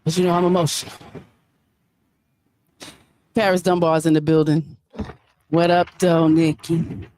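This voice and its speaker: A woman's voice: low voice, unhurried, pauses often, slight background noise. A woman hosting a casual livestream, preachy and emphatic, who repeats her points. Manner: animated, preachy, emphatic repetition. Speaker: livestream host.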